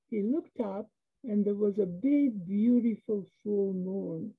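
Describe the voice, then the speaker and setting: An older woman telling a personal story slowly and vividly, acting out the dialogue. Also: medium pitch, slightly rough. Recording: tinny phone-like sound.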